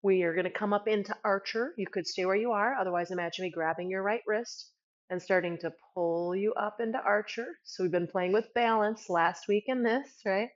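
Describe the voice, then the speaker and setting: A woman leads a yoga class with calm step-by-step cues, her pitch sitting in an ordinary middle range. She often checks in with a quick "right?" between instructions. The recording sounds a little dull and muffled. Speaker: yoga teacher.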